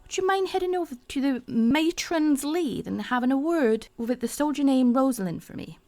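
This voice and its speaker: A woman voicing a rough-spoken female chocobo wrangler in a rustic folksy dialect, over game music. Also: sits high, animated, normal speed, a little mellow, voice pushed up. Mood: indignant.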